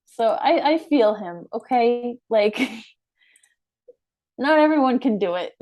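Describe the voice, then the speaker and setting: A young woman co-hosting a podcast, chatting casually in a relaxed, giggly, self-deprecating way. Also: on the high side, slow. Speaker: podcast co-host. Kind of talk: casual chat.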